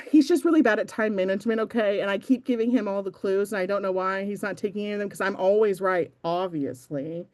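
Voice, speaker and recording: A woman's voice: mid-range voice, fast, darkish tone. A young adult woman giving a casual, chatty motivational talk to her team, self-deprecating and full of fillers. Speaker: team meeting speaker.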